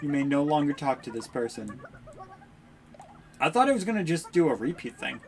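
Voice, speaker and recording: A woman's voice: low voice, moderate pace, pauses often, slight background noise. Playful laughing young woman streamer. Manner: playful, laughing, lively asides. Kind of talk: casual game commentary.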